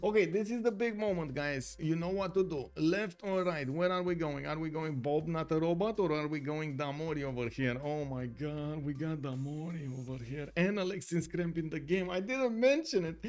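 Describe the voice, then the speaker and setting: A man casting a strategy game tournament on a live stream, excitable and chatty, talking to his chat. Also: on the high side, normal speed, few pauses. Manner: excitable, chatty, many fillers and restarts. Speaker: tournament caster.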